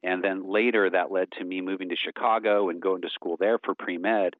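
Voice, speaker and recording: A man in his forties speaking as an interview guest, earnest and halting with many fillers. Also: low voice, steady tone, no room sound, narrow, tinny audio. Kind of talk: casual interview talk.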